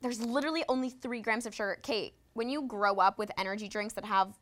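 A woman in her twenties co-hosting a podcast in casual chat, animated and laughing, slipping into sing-song. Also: on the high side, brisk. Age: 20s. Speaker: podcast co-host.

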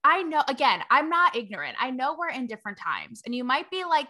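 A young woman reporter hosting her own show, talking to camera in a sarcastic, animated way and laughing between points. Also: a little high, normal speed, hardly any pauses. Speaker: reporter and host. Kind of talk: opinionated talk to camera.

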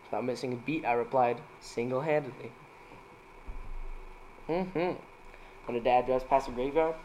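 A man casually reading dad jokes aloud as a streamer, laughing at his own punchlines and jumping into higher voices for them. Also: moderate pace, long pauses, a little mellow, a little hiss or hum.

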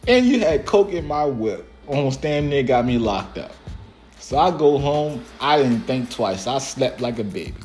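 A man's voice: medium pitch, very animated, normal speed, a little mellow, soft background music. A man casually telling a profane, laughing story about a friend and his first car. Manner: profane, laid-back and laughing.

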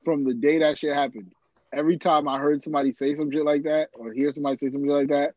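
A man's voice: a little high, steady tone, fast, a little mellow, dry recording. A man co-hosting a podcast, teasing a friend in casual banter. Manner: teasing, joking. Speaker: podcast co-host. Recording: slightly dull, dry sound.

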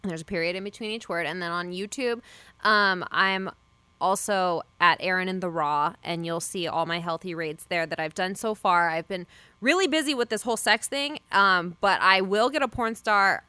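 A woman's voice: fairly low pitch, normal speed, bright, forceful tone, clear, resonant tone, no room sound. A woman guest on a casual podcast giving blunt, short answers and swearing casually.

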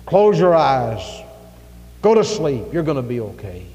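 A preacher playing a gruff old army sergeant. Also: male voice, mid-range voice, unhurried, mellow, close to an everyday voice. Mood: curt. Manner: gruff, curt. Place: church. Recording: echoey hall with faint music.

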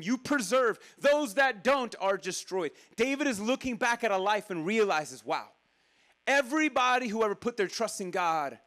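A pastor preaching a conversational, animated sermon, with sudden drops into quiet asides to the congregation. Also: male voice, very high voice.

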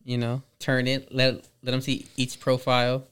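A man's voice: mid-range voice, completely flat delivery, moderate pace, fairly bright tone, clear, resonant tone. A man hosting a podcast, chatting loosely and joking with plenty of swearing. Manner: loose, profane, joking banter. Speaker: podcast host. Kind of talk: casual podcast chat.

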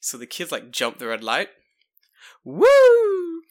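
Animated London man telling stories. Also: medium pitch, a little fast. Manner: animated, swears freely, acts out voices in his stories. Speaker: podcast co-host. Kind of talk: casual storytelling chat.

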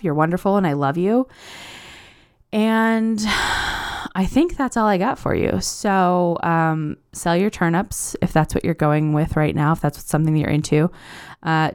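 A woman's voice: low voice, a little mellow, smooth. A young adult woman hosting a podcast in a casual monologue, gushing and chatty with a rambling flow. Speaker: podcast host.

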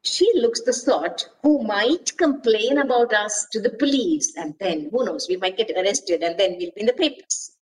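A woman's voice: mid-range voice, normal speed, hardly any pauses, close to an everyday voice. A woman voicing a bold, scheming male squirrel in a storybook reading, eager and bossy. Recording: voice distant from mic.

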